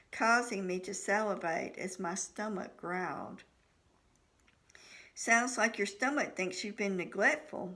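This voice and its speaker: A woman's voice: medium pitch, fairly bright tone. A woman reading her own novel aloud in the first person, voicing the dialogue of each character. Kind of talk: audiobook narration.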